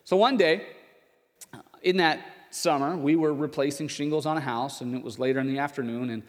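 A man's voice: a little fast, in a large hall. A male pastor preaching a sermon, telling a personal story and acting out the voices of the people in it. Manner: storytelling, acts out voices of others with loud raised pitch.

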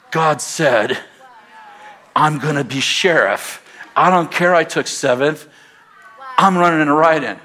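A middle-aged American man preaching a sermon in a church, telling stories and building to loud exhortation. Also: mid-range voice. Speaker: pastor. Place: church sanctuary. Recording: faint crowd in a church. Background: congregation.

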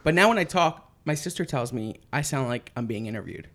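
A man's voice: medium pitch, expressive, fairly quick, crowd noise. A man hosting a casual chat, with a faded Philadelphia accent, chatty and self-mocking. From Philadelphia area. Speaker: host.

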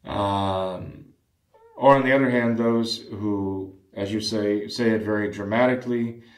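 A man with a fairly low voice talks earnestly and in a measured way, stopping to restart phrases and clear his throat. His voice carries a noticeable room echo. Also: steady tone. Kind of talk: discussion on prayer.

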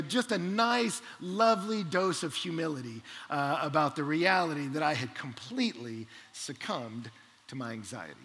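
A man preaching a sermon, telling a personal story animatedly and swinging between loud bursts and hushed asides. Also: a little high. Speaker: pastor. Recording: long hall reverb.

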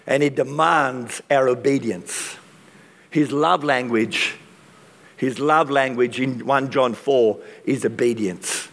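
A man preaching a sermon with passion and dramatic pauses, his voice strained from use. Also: mid-range voice. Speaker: pastor. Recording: long reverb of a large hall.

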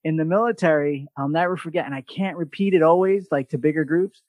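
A new male podcast host from New York tells stories in a casual chat, animated and swearing freely while mimicking other people's voices when quoting them. His voice is a little high and he talks fast. The sound is dry.

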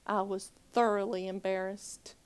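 A woman minister giving a personal testimony, swinging from loud pleading to near whispers and acting out her own past words. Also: flat delivery, measured pace, smooth. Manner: acts out her own past dialogue in a higher voice.

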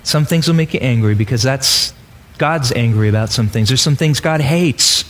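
A man's voice: medium pitch, normal speed, a bit bright. A man preaching a sermon in a conversational way, often asking rhetorical questions. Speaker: pastor.

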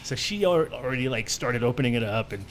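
Animated man telling a profane story. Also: medium pitch, quick pace, slight background noise. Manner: animated, profane, acts out voices in his stories. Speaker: show host. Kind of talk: casual storytelling chat.

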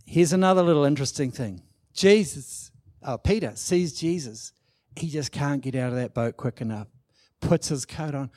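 A man preaching a sermon, emphatic and animated, acting out quoted lines. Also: fairly high pitch, no echo, studio quality. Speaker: pastor.

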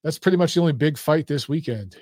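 Guy hosting a boxing stream, blunt and cussing, slightly high voice, losing his voice, dry close sound. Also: expressive, fast, darkish tone, dry recording. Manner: blunt, profane, talks straight to viewers. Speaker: boxing show host. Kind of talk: casual live-stream chat.

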